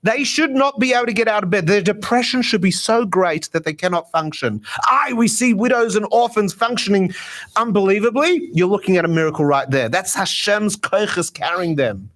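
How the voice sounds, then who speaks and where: High-voiced chatty rabbi. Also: male voice, moderate pace. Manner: lively, chatty, self-mocking. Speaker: rabbi teaching meditation. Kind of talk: informal talk at a gathering.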